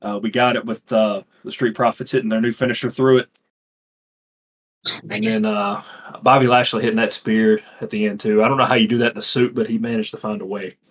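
A man's voice: lowish voice, steady tone, brisk. A man co-hosting a casual podcast chat, telling stories in a rambling, profane way with lots of fillers. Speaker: podcast co-host.

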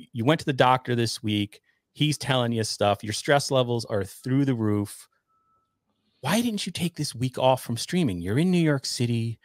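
A man's voice: medium pitch, no echo, clean studio sound. A man co-hosting a casual podcast chat, sarcastic and self-mocking as he needles his friend. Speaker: podcast co-host.

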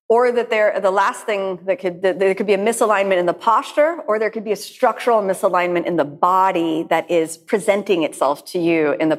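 Reflective woman teaching yoga. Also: mid-range voice. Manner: reflective, warm storytelling with many restarts. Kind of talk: talk with audience questions. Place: studio class with people also joining online.

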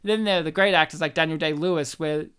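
A podcast co-host chatting casually with a friend. The voice is smooth and clear. The talk is full of jokes, teasing jabs and swearing. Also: mid-range voice, steady tone, quick pace, a bit bright. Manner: joking, profane, teasing. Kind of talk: casual chat.

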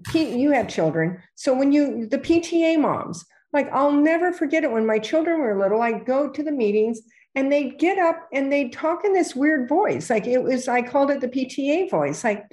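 A middle-aged woman and real estate agent chatting casually on a podcast, telling stories lively and acting out the voices of people she quotes. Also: high voice, normal speed. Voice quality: animated storyteller who acts out quoted voices.

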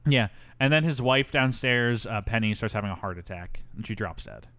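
A man co-hosting a podcast, recapping a movie in casual, deadpan chat with mocking asides. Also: lowish voice, normal speed. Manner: wry, deadpan, does mocking impressions. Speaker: podcast co-host.

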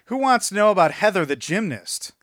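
A man co-hosting a casual podcast, reading reviews aloud in a teasing, mocking way. His voice sits a little high, and the sound is dry and close, with no room in it. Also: sing-song, a little fast, a bit bright, dry recording. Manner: mocking, breaks into laughter mid-read. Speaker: podcast co-host.

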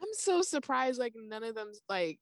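A woman co-hosting a podcast in casual chat, unhurried, reacting with short exclamations. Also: on the high side, big pitch swings, no room sound. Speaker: podcast co-host.

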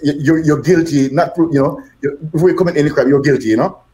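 A man's voice: a little high, fast talker, mellow. Older British-accented man telling stories. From Jamaica. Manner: rambling, repeats words, acts out dialogue. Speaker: guest musician. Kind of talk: storytelling in a podcast interview.

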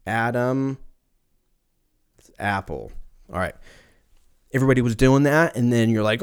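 A man's voice: medium pitch, measured pace, long pauses, clear, resonant tone. A man hosting a casual solo podcast, rambling off on tangents, swearing freely and laughing at his own jokes. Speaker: podcast host.

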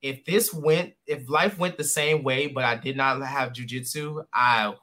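Bright-voiced man hosting a casual chat. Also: mid-range voice, measured pace. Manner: rambling storyteller with many fillers and restarts. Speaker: podcast host.

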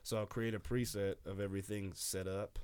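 A man from southeastern Michigan, a guest rapper in casual studio chat, with a light lisp, talking in an animated, profane way that swings loud when he gets excited. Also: on the low side, brisk, smooth.

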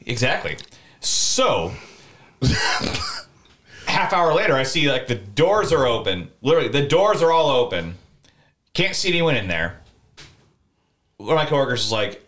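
A man's voice: fairly high pitch, very animated, moderate pace, long pauses, fairly bright tone. A man telling a rambling story in casual podcast chat, swearing freely.

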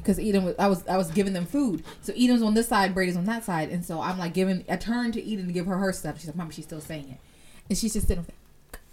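A woman's voice: mid-range voice, fast talker, darkish tone, a little hiss or hum. A woman co-hosting a podcast in casual chat. She is teasing and talks over the others. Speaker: podcast co-host.

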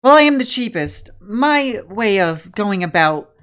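A woman voicing a spunky, upbeat teenage girl who talks in an eager, bright pitching tone. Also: big pitch swings, measured pace, clean tone.

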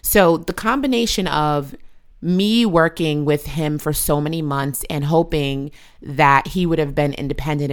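Low-voiced mother, candid and emotional. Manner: emotional, confessional, acts out her own past yelling in a shrill voice. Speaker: mother sharing her parenting story. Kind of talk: candid personal storytelling.

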